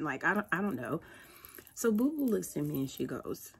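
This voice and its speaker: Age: 30s. Sex: woman. Role: vlogger mom. Style: casual, animated storytelling with lots of laughter and a lively, swooping pitch. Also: normal speed, husky.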